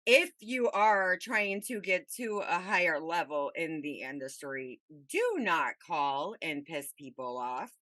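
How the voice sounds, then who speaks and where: A woman's voice: low-pitched, expressive, slow, few pauses, pushed and bright, no room sound. A woman, the host and company head, giving blunt, emphatic career advice in a casual interview. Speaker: production company CEO, host.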